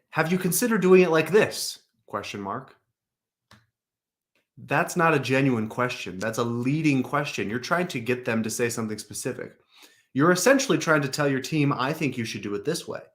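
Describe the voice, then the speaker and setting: A man's voice: mid-range voice, a bit bright. A man hosting a show, coaching managers on a recorded service call in a direct, advisory way. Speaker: customer service coach, host.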